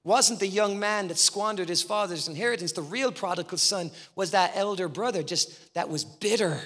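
High-voiced passionate preacher in a hall. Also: male voice, sharp tone. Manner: passionate, repetitive rhetorical questions. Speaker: guest preacher. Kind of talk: sermon. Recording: long reverb in a hall.

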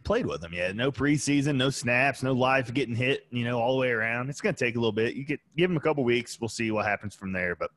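A man's voice: mid-range voice, fast talker, hardly any pauses, a bit bright, dry recording. A man guesting on a podcast, giving confident, opinionated sports takes. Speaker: podcast guest, co-host of another show. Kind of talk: casual podcast chat.

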